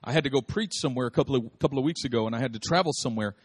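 A man preaching a lively, humorous sermon, repeating phrases for emphasis and calling out to his listeners. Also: mid-range voice, rapid-fire, slight background noise. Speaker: pastor.

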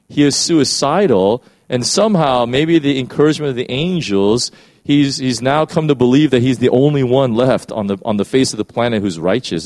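A man's voice: mid-range voice, darkish tone, dry recording. A man giving a conversational sermon, often restarting his sentences and acting out the quoted lines. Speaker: preacher.

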